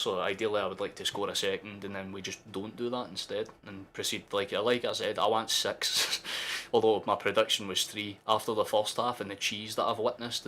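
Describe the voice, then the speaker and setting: A young man commentating a football match live for his stream as a fan, sweary and excitable, erupting into shouts. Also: lowish voice, a little hiss or hum.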